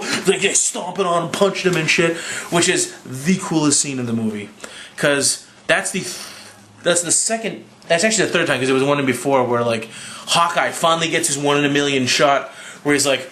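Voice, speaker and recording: A slightly drunk young man recapping a movie in a rambling, profane, excitable way. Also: on the high side, a little fast, echoey room, slight background noise. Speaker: movie reviewer.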